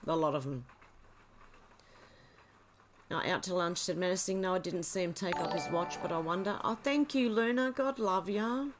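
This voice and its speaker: A woman's voice: fairly low pitch, moderate pace, long pauses, music in the background. A woman hosting a livestream, chatting casually and laughing often as she reads viewer comments aloud. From Australia. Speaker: livestream host.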